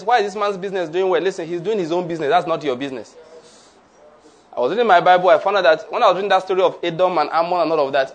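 A man preaching a sermon and leading the congregation in call-and-response declarations. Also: high-pitched.

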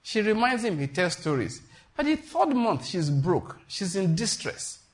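A man's voice: sits high, big pitch swings, a little slow. A man preaching a sermon in an emphatic, repetitive style, calling out to his congregation. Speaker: pastor.

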